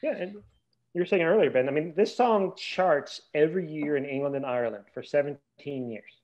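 A man's voice: a little high, brisk, a little mellow, dull audio. A man co-hosting a podcast, chatting casually and hesitantly, often repeating words as he searches for the next one. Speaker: podcast co-host. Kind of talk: casual chat.

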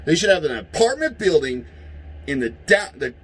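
A man from the United States in a heated, profane political rant, yelling at times. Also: a little high, big pitch swings, normal speed, husky, low-quality recording. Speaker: vlogger.

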